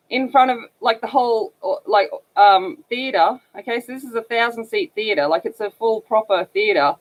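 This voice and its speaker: A woman from northern Australia with an Australian accent and a scratchy voice, chatting casually and rambling with many fillers as she hosts a coloring livestream. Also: mid-range voice. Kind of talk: casual chat while coloring.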